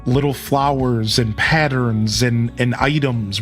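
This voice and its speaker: A man's voice: mid-range voice, moderate pace, hardly any pauses, soft background music. A man streaming live, chatting in a rambling, casual way and answering his chat.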